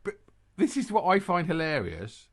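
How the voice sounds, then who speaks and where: Jokey rambling English podcast host. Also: male voice, on the high side, huge pitch swings, normal speed, gravelly. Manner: jokey, rambling, laughs at his own jokes. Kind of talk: casual chat.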